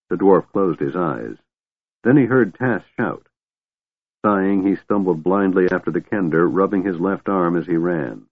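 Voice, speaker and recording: Deep-voiced male audiobook narrator. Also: unhurried, no echo. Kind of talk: scripted narration. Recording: thin phone-like dry recording.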